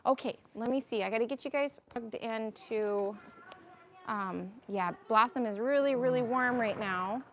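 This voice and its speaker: A young woman with a fairly high voice talks her viewers through a horse lesson, rambling and chatty as she works. She speaks from a riding arena into a camera set on a tripod. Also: a little slow, slight background noise. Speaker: horse trainer. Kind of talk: live-stream riding commentary.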